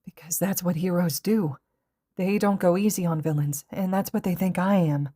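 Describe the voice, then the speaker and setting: A frightened seven-year-old boy, teary and clingy, begging in a small pleading voice, as a woman reads him aloud in a fan audiobook. The voice sits high over her own low register. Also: normal speed, warm tone, natural voice. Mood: fearful.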